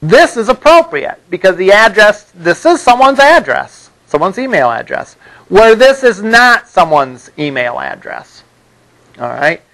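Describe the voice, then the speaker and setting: Male lecturer with a high voice, patient and explanatory, classroom lecture recording. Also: big pitch swings, measured pace, a bit bright, rough recording. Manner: explanatory, repeats "all right?" to check understanding. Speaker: college instructor.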